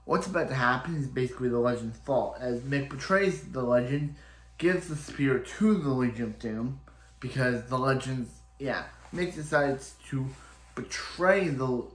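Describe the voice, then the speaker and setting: Male show reviewer, mid pitch, loose rambling recap, echoey room. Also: unhurried. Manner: rambling, many restarts and fillers. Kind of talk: casual episode recap. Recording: roomy echo.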